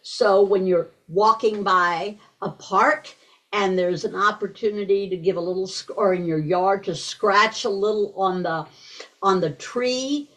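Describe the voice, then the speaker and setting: A woman giving a talk to a group of parents on early reading, deliberate and repeating key words for emphasis. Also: mid-range voice, rough recording. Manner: acts out simple phrases parents say to babies. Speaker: guest speaker on early reading.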